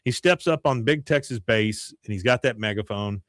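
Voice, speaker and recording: A man hosting a podcast, casually retelling a TV episode with lively storytelling. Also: mid-range voice, moderate pace, no echo, clean studio sound. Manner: animated storytelling, slips into character voices. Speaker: podcast host.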